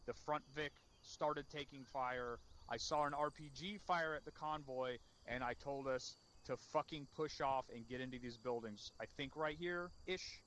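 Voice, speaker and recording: A man's voice: mid-range voice, measured pace, few pauses, fairly bright tone, a little hiss or hum. A man leading a game unit's after-action debrief, blunt and profane as he scolds. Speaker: unit leader.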